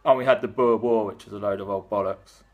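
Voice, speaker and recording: A man's voice: fairly low pitch, steady tone, fast talker, phone-quality sound. A British man gives a loose, offhand account of history in casual talk. He is irreverent and sweary, with plenty of fillers. The tone stays sloppy and comic. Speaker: vlogger explaining history.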